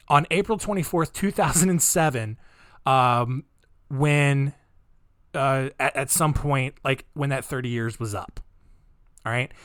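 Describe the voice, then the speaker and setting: A man's voice: on the high side, no room sound, studio quality. Wry, incredulous man hosting a podcast. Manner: incredulous, wry, jokey asides, frequent "um" and "all right?". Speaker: podcast host. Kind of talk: casual true-crime storytelling.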